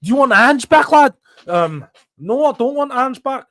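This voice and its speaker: A man's voice: very high-pitched, expressive, moderate pace, a bit bright, pitched above the performer's own voice. A man putting on a brash mock Scouse voice. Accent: put-on Scouse.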